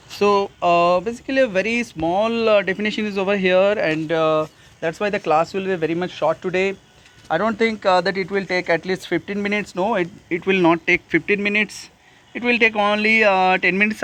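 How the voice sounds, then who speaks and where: Hesitant high-voiced Indian English teacher. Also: male voice, fairly bright tone. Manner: hesitant, repeats himself with many fillers. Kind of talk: casual online literature lesson.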